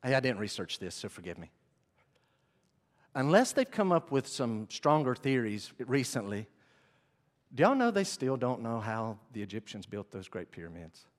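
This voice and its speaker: A man preaching a sermon, telling the story with animated swings between hushed and loud. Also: medium pitch, normal speed. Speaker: pastor. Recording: long hall reverb.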